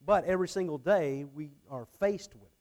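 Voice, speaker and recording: Guy preaching, earnest, kinda higher voice, repeats himself a lot. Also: fairly quick, darkish tone. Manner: earnest, repeats phrases, varies emphasis. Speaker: pastor. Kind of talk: sermon.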